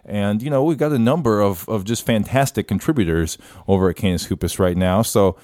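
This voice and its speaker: A man's voice: on the low side, brisk, darkish tone, dry recording, studio quality. A man co-hosting a casual podcast, rambling with lots of fillers and restarts, recorded over an internet call. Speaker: podcast co-host. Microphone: remote call over internet.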